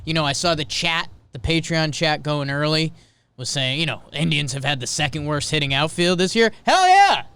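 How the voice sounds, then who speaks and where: Smooth-voiced upbeat male co-host. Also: fairly high pitch, steady tone, moderate pace, pushed and bright. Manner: upbeat, rambling, hype-prone. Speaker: podcast co-host. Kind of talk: casual sports podcast chat. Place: podcast studio.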